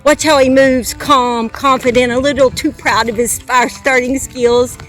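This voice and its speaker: Woman putting on a dry, solemn nature documentary narrator, slightly high, teasing. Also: steady tone, moderate pace, fairly bright tone, faint music behind, poor audio. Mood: mock solemn. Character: hushed, mock-serious female nature documentary narrator. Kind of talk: parody of wildlife documentary narration.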